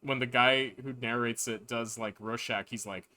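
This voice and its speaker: A man's voice: medium pitch, fairly even intonation, brisk, few pauses, sharp tone. A man chatting on a live stream while reading a game's dialogue, self-deprecating and reluctant to do character voices. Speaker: streamer reading a game aloud.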